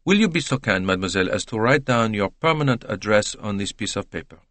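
A man voicing a shrewd, probing older male detective who questions slowly and deliberately. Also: fairly low pitch, lively intonation, fairly bright tone, no room sound.

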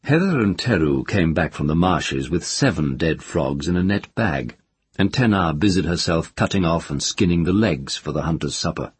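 A man narrating a novel in a measured, expressive reading. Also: sits low, breathy edge. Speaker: audiobook narrator. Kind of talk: scripted narration.

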